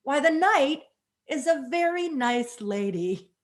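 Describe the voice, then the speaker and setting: A woman's voice: high-pitched, animated, slow pace. A woman storyteller voicing a mother reassuring her son at bedtime. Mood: soothing.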